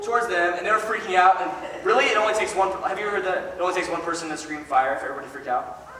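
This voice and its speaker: A man preaching a sermon in a casual storytelling way, joking and animated with chatty asides. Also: high-pitched, very fast, a crowd in the background. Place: large hall. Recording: echoey hall from far off.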